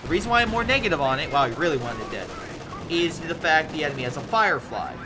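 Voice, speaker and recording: A man giving chatty, animated play-by-play commentary on a strategy game replay, with lively asides to his viewers. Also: a little high, fast talker, background noise. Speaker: video game replay caster.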